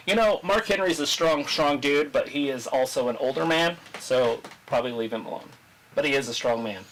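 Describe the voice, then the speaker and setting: A man hosting a casual live wrestling watch-along, chatting, joking and reading viewer comments aloud while his voice grows hoarse. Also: mid-range voice, normal speed, a bit bright, poor audio. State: losing his voice. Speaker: livestream host.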